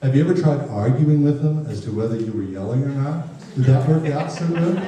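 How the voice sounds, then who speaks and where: Male speaker, parenting talk, jokey, does quick voices, dark tone, far mic in echoey hall. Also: mid-range voice, slight background noise. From Ireland. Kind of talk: humorous lecture to parents.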